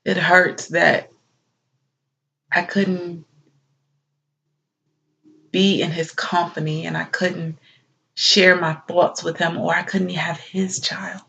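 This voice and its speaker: A woman performing a dramatic biblical monologue as a grieving young wife and mother who talks slowly, softly and tearfully. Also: fairly low pitch, flat delivery, gravelly, a little hiss or hum, full character voice. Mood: sorrowful. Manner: slow, soft-spoken, tearful. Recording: dull lo-fi recording.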